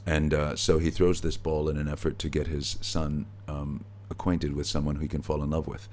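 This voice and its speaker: A middle-aged actor, a guest in an interview, telling stories in a relaxed way with easy laughs, recorded backstage at a theatre. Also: male voice, rumbling low, moderate pace. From United States. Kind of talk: conversational interview.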